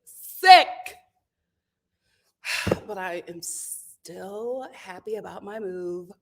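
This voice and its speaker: A woman's voice: on the low side, steady tone, takes it slowly, creaky. A woman hosting a casual live stream, reading out viewer comments and making dramatic, laughing outbursts. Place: home.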